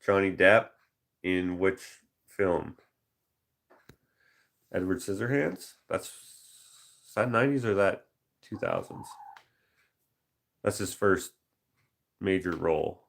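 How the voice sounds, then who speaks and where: Low, gravelly-voiced man chatting casually. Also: expressive. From Canada. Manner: muses aloud, drops into quick movie-quote voices. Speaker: painter reading viewer suggestions. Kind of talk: casual live-stream chat.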